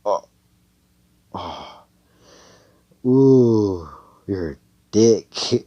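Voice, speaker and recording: A man's voice: lowish voice, expressive, very slow, dull audio. A man voicing a hot-tempered, profane young male mage in a fan story. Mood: outraged. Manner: loud, brash and profane.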